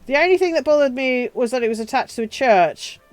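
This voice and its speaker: A woman's voice: high-pitched, animated, a little fast, no room sound. A woman streaming a building game, chatting casually, swearing, ranting and laughing often. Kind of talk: casual live-stream chat while playing.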